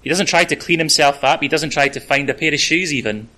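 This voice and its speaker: A man's voice: fairly high pitch, brisk, pushed and bright, rough recording. A man preaching a conversational sermon, with casual asides and the odd filler.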